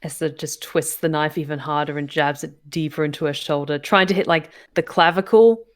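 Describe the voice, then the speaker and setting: A woman player describes her moves in a tabletop game, pausing often with fillers. Her voice is low for a woman and recorded plainly. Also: fairly even intonation. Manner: hesitant, many fillers. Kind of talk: tabletop role-play chat.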